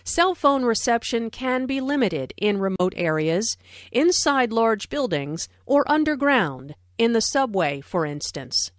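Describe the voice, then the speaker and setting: A female teacher reads clear language notes. Her voice is slightly high and animated, recorded close in a dry room. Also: a little slow, no echo. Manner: clear, explanatory. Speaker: English teacher. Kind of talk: scripted narration.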